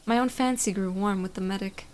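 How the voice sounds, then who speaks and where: A woman's voice: medium pitch, fairly quick, darkish tone, a little hiss or hum. A woman giving a casual late-night reading of a story aloud, irreverent, reading on with loose asides. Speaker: reader of a story.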